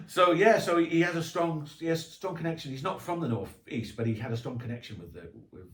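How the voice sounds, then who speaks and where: A man's voice: a little high, quick pace. A man who is a guest author, telling anecdotes in a chatty, casual interview. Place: podcast recording room. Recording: roomy echo.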